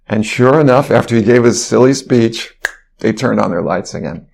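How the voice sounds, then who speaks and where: Man guest, physician, telling a rambling anecdote, mid-pitched voice. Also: normal speed, gravelly, darkish tone. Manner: rambling anecdotal storytelling with fillers. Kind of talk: storytelling interview.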